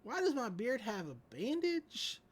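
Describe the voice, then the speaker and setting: A woman voicing a rambling, frazzled old male backwoods inventor from a cartoon, with a high, twangy folksy drawl. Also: very animated, a little slow. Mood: flustered.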